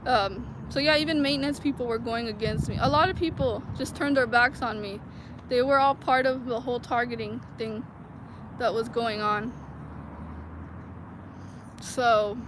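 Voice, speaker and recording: A woman vlogger telling a personal story to her viewers in a rambling, casual way, full of "like" fillers. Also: a little high. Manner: rambling, heavy use of "like" fillers. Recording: noisy outdoor street recording.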